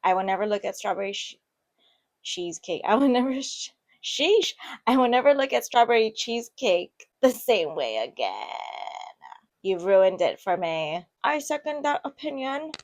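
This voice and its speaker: A woman's voice: medium pitch, very animated. Giggly woman reacting to online posts. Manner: chatty, giggly, quick reactions. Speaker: online story reader and commentator. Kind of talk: casual reading and reacting.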